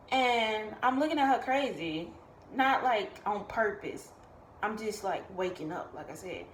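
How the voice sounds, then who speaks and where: A young woman, casually telling a personal story in a vlog and acting out what others said. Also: fairly high pitch. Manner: animated, acts out quoted voices. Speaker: vlogger. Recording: echoey room, faint background noise.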